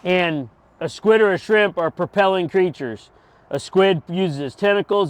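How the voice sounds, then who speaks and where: A man's voice: high-pitched, measured pace. A middle-aged man giving a patient, hands-on fishing lesson, often checking in with "okay?" as he demonstrates. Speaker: fishing instructor. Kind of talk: outdoor how-to lesson.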